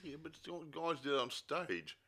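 Lively, bright-voiced chatty man. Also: a little high, moderate pace. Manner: rambling and jokey, many restarts. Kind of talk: casual chat about a movie.

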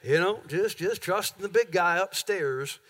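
A man's voice: high-pitched, expressive, unhurried, a bit bright. A man putting on a folksy, easygoing, drawling churchgoer inside a sermon.

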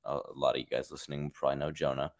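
A man with a very low, deep voice hosts a relaxed podcast chat with friends. He rambles through his anecdotes in a loose, easygoing way, with plenty of "like" along the way. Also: racing. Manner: laid-back, rambling anecdotes full of "like". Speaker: podcast host.

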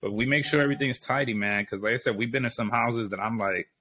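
A young man chatting casually, telling stories in an animated way, swearing and laughing often. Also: mid-range voice, fast talker. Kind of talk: casual chat.

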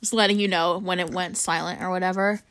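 A woman's voice: lowish voice, fairly even intonation, fast, fairly bright tone. A young woman hosting a casual chat with a friend, talking in a loose, chatty way with lots of fillers and laughter. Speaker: podcast host.

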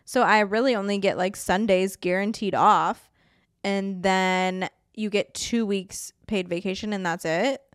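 A woman's voice: medium pitch, fairly even intonation, unhurried, clear, resonant tone, no room sound. Young woman co-host, casual rant full of "like" and swearing, dry recording. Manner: ranting, heavy use of "like", casual swearing. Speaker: podcast co-host. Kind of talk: casual chat.

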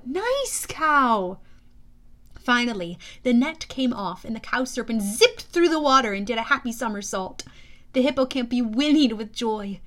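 A woman with a high voice narrating a first-person audiobook. Her telling is lively and expressive, full of youthful energy.

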